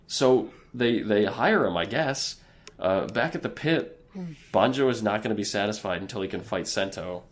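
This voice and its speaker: A man's voice: lowish voice, animated, moderate pace. A man co-hosting a podcast, loosely retelling episodes in a casual, profane way. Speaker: podcast co-host. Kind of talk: casual recap chat.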